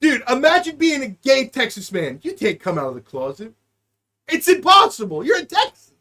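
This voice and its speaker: High-voiced young man ranting crude jokes. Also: wildly swooping pitch, moderate pace, sharp tone. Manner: rambling, puts on a country drawl for bits. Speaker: podcast co-host. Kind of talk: crude comedic banter.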